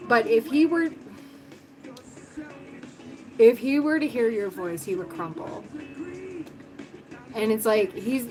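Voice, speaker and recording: A woman's voice: fairly high pitch, expressive, takes it slowly, pauses often, poor audio. A woman giving a livestream tarot reading, talking casually and thinking aloud with lots of fillers. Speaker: tarot reader. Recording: music playing under the voice.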